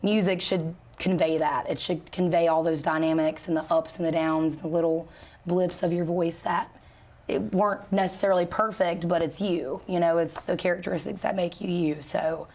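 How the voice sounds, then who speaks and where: A woman singer being interviewed, talking in a relaxed, chatty way with easy laughs and plenty of fillers. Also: fairly low pitch, normal speed. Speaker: country singer and guest. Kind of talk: casual interview chat.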